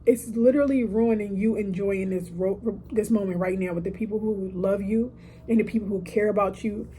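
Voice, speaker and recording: A woman's voice: medium pitch, steady tone, moderate pace, dark tone, slight background noise. A woman in her thirties talking casually and emotionally about gratitude from a hotel room, with asides like "listen" and "okay". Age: 30s. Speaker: podcaster. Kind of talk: casual heartfelt monologue.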